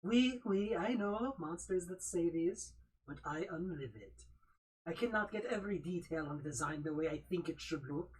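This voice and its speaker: Vain perfectionist gargoyle guy with a put-on French accent, played by a woman, halting and a bit low. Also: expressive, lightly acted, rough recording. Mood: haughty. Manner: halting, fumbles for words.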